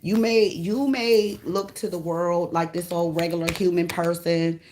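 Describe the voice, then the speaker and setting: A woman's voice: lowish voice, fairly even intonation, unhurried, darkish tone, a little hiss or hum. Blunt, profane woman tarot reader. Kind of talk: casual spiritual reading monologue.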